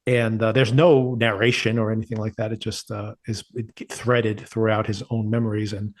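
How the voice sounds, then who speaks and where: Relaxed man reviewing a TV show. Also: on the low side, moderate pace. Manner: thoughtful, relaxed, chuckles often. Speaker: podcast co-host. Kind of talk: casual TV review chat.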